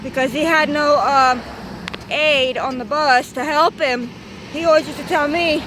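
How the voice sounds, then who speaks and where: High-voiced woman rambling through a story. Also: measured pace, background noise. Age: 30s. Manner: excitable, meandering storytelling with swearing. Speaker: vlogger.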